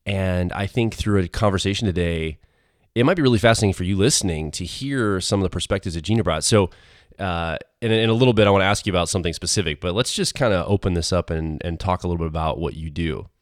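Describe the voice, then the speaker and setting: A man's voice: low-pitched, fast, no echo, studio quality. A man hosting a podcast, introducing a guest in a rambling, filler-heavy way. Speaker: podcast host. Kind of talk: casual interview chat. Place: home recording.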